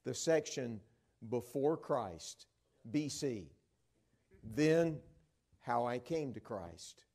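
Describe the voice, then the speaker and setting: Animated preaching man, hushed to loud. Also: medium pitch, drawn-out words. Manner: swings from hushed to loud and excited, acts out quoted voices. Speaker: traveling evangelist preacher. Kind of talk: sermon with storytelling. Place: church sanctuary at a conference. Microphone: wearing a microphone.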